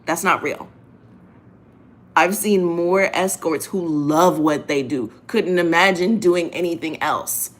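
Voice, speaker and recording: Blunt, profane woman with a low voice. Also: unhurried, pauses often. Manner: blunt, profane and emphatic, repeats phrases. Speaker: host. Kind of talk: casual monologue.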